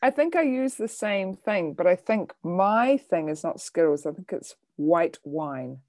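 A woman's voice: fairly low pitch, animated, measured pace, a little mellow, no room sound, studio quality. A woman comedian chatting casually, telling a rambling story about a show she hosted. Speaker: comedian and bingo host. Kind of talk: casual chat.

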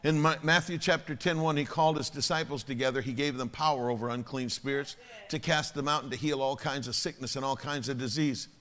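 A man preaching a sermon as a pastor, telling stories in an animated way and swinging from loud to hushed. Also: medium pitch, fairly quick.

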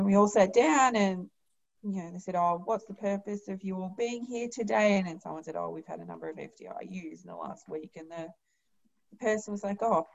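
Woman midwife, lower voice, frank and halting, lo-fi remote line. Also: creaky. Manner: frank, hesitant, many fillers. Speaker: midwife and podcast guest. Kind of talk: casual chat.

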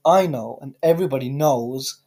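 A man's voice: mid-range voice, normal speed, dark tone, husky. A young man, co-hosting a podcast in casual banter, teasing dryly and playing the clever one. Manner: dry, teasing, mock-clever. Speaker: podcast co-host.

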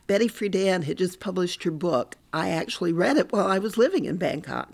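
A woman's voice: on the low side, lively intonation, brisk, creaky. An older woman, a professor, telling her own story candidly and with animation as a podcast interview guest.

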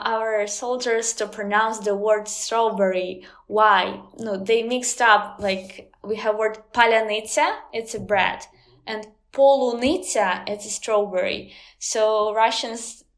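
A woman with a Ukrainian accent, a guest in a casual interview, speaking hesitantly with many ums and uhs. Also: mid-range voice. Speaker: guest, language teacher.

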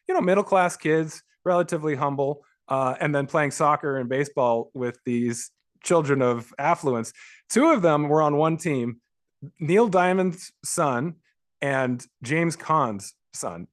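Guy in his 40s, guest on an interview, telling old stories all lively, laughing a lot, trips over words. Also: a little high. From Los Angeles. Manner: animated storyteller, laughs often, many restarts. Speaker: author and guest. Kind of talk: conversational storytelling.

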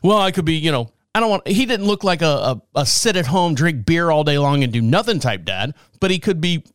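A man's voice: on the high side, sing-song, a little fast, smooth, dry recording, clean studio sound. Rambling, wry male podcast host. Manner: rambling, wry, chuckling asides. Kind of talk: casual comic storytelling monologue.

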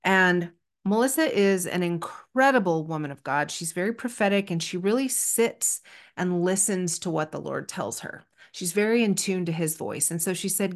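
Speaking at a normal speed in a lowish voice, a middle-aged woman shares a story on her solo podcast. Her casual telling is sincere, talkative, and self-deprecating.

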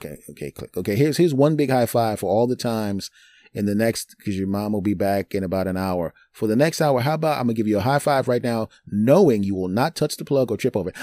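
A man hosting a podcast, telling personal stories in an animated, digressive, joking way. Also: fairly low pitch, dry recording. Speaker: podcast host. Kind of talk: storytelling monologue.

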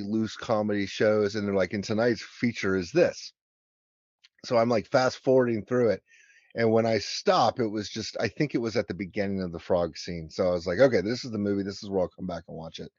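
A man's voice: on the low side, darkish tone, no room sound, highs cut off. American male podcast co-host, casual and rambling, dry close sound. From United States. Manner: rambling, lots of fillers and restarts. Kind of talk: casual film discussion.

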